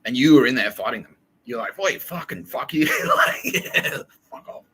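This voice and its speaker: A man's voice: mid-range voice, big pitch swings, normal speed, pushed and bright, slight background noise, rough recording. A man hosting a podcast in a profane, rambling monologue, laughing and acting out quotes. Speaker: podcast host.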